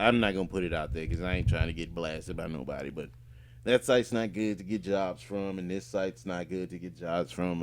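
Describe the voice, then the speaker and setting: A man, a voice actor and podcast co-host, chatting casually and telling a rambling story with lots of fillers and restarts. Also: low voice. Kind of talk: casual chat.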